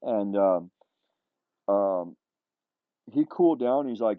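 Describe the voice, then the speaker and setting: A man's voice: fairly low pitch, animated, a little slow, pauses often, dry recording. A middle-aged man telling a personal story in a casual podcast chat, rambling with many restarts and "you know.". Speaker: podcast guest. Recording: tinny phone-like line, dry.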